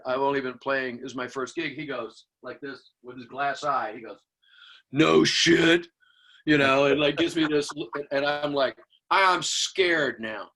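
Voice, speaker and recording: An older man from Houston, a drummer and guest, telling stories in an interview, acting out quotes and scatting drum beats. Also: fairly high pitch. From Houston, Texas. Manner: animated storyteller acting out quotes and scat-singing drum beats. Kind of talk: storytelling interview.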